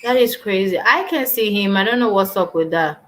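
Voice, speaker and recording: A woman's voice: mid-range voice, a little fast. A young woman hosting a live stream, chatting casually and animatedly while answering viewer comments.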